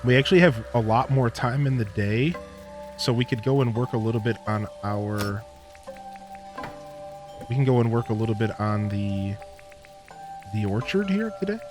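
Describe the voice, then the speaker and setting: Man, gaming streamer; loose, rambling storyteller, mid pitch, soft game music behind. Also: animated, moderate pace, long pauses. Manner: rambling storyteller, lots of fillers and laughs. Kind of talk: casual gameplay commentary.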